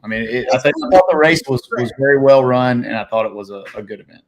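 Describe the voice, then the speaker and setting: A man's voice: medium pitch, quick pace. A man hosting a casual chat, easygoing and joking with his guests. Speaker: host.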